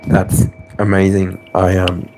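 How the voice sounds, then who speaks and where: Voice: low-pitched, completely flat delivery, takes it slowly, background noise. A tarot reader with an Australian accent who gushes with thanks, laughs often and talks while close to tears. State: near tears. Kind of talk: casual online tarot reading.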